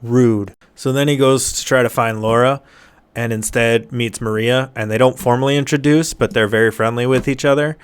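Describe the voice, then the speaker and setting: Smooth-voiced man doing a sarcastic movie recap. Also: medium pitch, fairly even intonation. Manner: dry, sarcastic summarizing with quick mock voices for characters. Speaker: movie reviewer. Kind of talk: comedic movie plot recap.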